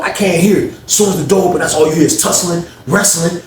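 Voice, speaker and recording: A man telling a story in an animated, profane way, acting out the voices of the people in it, recorded in an echoey room. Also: fairly high pitch, quick pace, few pauses, a little hiss or hum.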